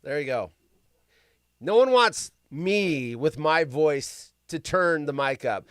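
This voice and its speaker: A bright, lively man hosts a live show in loose, rambling chat. His voice jumps high and loud when he gets worked up. It sounds smooth and dry, close to the mic. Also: takes it slowly, no echo. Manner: loud, rambling, bursts into yelling. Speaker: podcast host. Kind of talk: casual live-stream chat.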